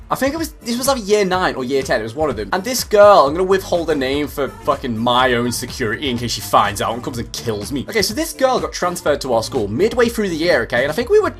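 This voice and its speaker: Foul-mouthed British young man telling stories. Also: on the high side. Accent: British English. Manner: profane, animated, comedic exaggeration. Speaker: YouTuber. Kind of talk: casual storytelling vlog.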